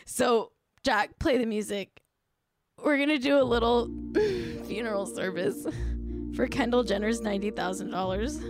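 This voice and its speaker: A woman hosting a comedic gossip show, trading sarcastic jabs for mock-solemn, hushed asides. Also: on the high side, moderate pace, over music. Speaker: host.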